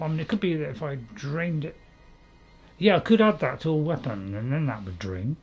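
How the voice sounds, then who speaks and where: A man's voice: on the high side, lively intonation, normal speed, muffled recording. A man hosting a casual let's-play, rambling and chatting to his viewers as he plays. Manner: rambling, self-admitted waffler; chatty, talks to viewers in chat. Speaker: gaming channel host.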